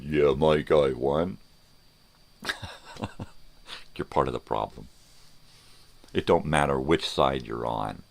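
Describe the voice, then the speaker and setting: An older man with a very deep, gravelly voice holds forth on his morning vlog. He rants bluntly and swears freely, and his pitch swings widely as he talks. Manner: profane, blunt ranting. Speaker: vlogger.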